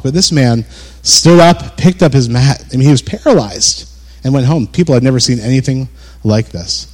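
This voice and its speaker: A man's voice: medium pitch, darkish tone. A man giving a casual Bible teaching, reading scripture and explaining it in a chatty, chuckling way, acting out quoted voices. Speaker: preacher.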